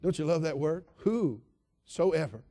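A male pastor delivering an emphatic, repetitive sermon, dropping soft and then building loud. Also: fairly high pitch, normal speed.

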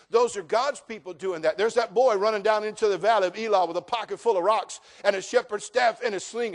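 An older male pastor with a notably high voice, telling homey stories with playful jabs at the crowd. He swings from quiet, easy banter to loud, emphatic preaching. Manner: folksy, joking asides, building to emphatic preaching. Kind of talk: sermon.

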